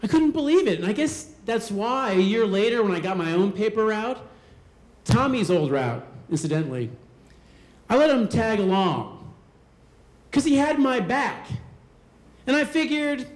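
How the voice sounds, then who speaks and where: A man telling a personal story on stage, animated and acting out the voices of the people in it. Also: sits high, normal speed, long pauses. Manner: animated, acts out quoted voices. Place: live storytelling show venue. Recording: roomy hall sound.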